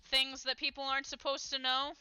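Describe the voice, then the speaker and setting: A woman's voice: on the high side, lively intonation, moderate pace, pushed and bright, no echo. A woman voicing a haughty, sarcastic male character who mutters blunt remarks. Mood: aggravated.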